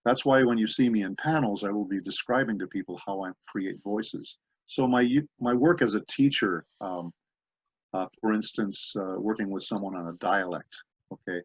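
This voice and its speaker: Husky-voiced man telling stories. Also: lowish voice, normal speed, no room sound. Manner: rambling anecdotal storytelling with asides. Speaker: voice actor guest. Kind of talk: interview conversation. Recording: dull dry lo-fi audio.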